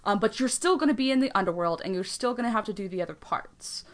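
A woman co-hosting a podcast in casual chat, telling a story with lively quoted voices, frequent laughter and swearing. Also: medium pitch, quick pace. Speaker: podcast co-host.

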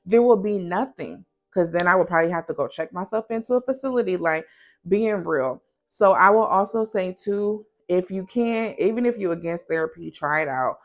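A woman's voice: fairly low pitch, animated, moderate pace. A woman who runs a small business and hosts a podcast, talking frankly and conversationally, straight to her listeners. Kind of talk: candid motivational talk.

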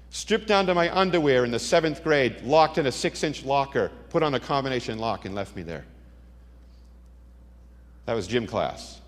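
A middle-aged man giving a dramatic testimony sermon, telling stories with punchy asides. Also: medium pitch. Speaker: Christian speaker. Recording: long hall reverb.

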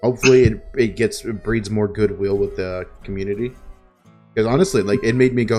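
Laid-back young man, animated storyteller. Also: lowish voice, a little fast, faint music behind. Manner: animated storyteller, laughs and swears freely. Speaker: podcast co-host. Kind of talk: casual chat. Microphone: remote call.

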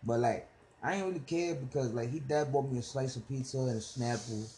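A man's voice: mid-range voice, a little fast, mellow, rough recording. A young man with a New York accent, co-hosting a casual podcast and telling a story in loose, profane street slang. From the Bronx, New York. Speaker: podcast co-host.

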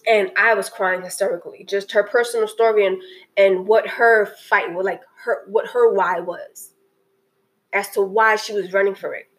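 A woman's voice: mid-range voice, steady tone, moderate pace, low-quality recording. Woman rambling earnestly bout a movie she loved, lots of restarts, heartfelt. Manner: earnest and emotional, many restarts. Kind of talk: casual spoken film review.

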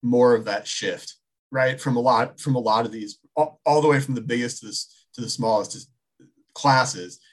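A man in his thirties talking sports in a loose, casual way. His voice has a husky edge. He circles his points, restarting and rephrasing as he goes. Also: medium pitch, normal speed. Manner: rambling, many restarts, thinking aloud. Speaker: sports talk show co-host.

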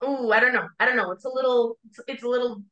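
A woman's voice: fairly high pitch, quick pace. A woman chatting and joking as a podcast guest. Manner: joking, animated. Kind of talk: casual podcast chat. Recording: echoey, dull lo-fi room audio.

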